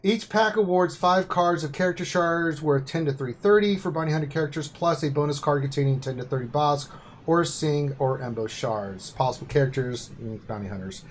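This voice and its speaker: A man with a slightly higher voice co-hosts a casual gaming live stream. He runs through game update notes item by item and breaks off now and then for jokey asides. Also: fairly quick, a little hiss or hum. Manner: reads patch notes aloud, then jokes and asides.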